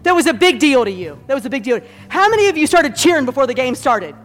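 A woman preacher giving an energetic sermon and calling on the congregation to repeat phrases, laughing often between points. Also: high voice, fast talker. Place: church hall with a congregation. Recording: hall reverb, faint background music.

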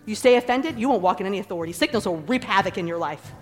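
A woman preacher giving an energetic sermon and calling on the congregation to repeat phrases, laughing often between points. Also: medium pitch, very fast. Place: church hall with a congregation. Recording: hall reverb, faint background music.

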